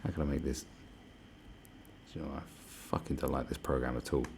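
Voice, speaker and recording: A man's voice: rumbling low, fairly even intonation, a little fast, creaky, a little mellow, slight background noise. A man hosting a live stream, ranting in exasperated, profane commentary and muttering to himself.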